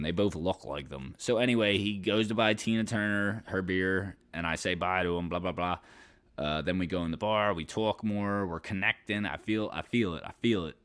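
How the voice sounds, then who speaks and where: A man's voice: sits low, fairly bright tone. A man hosting a podcast, telling a story casually, rambling and swearing with lots of filler. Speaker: podcast host.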